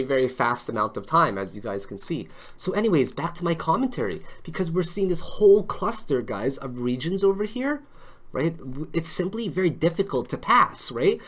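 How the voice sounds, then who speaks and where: A man's voice: on the high side, fairly bright tone. Rambling, joking male stream host. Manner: rambling, joking, self-interrupting. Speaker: livestream trading host. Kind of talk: casual market commentary.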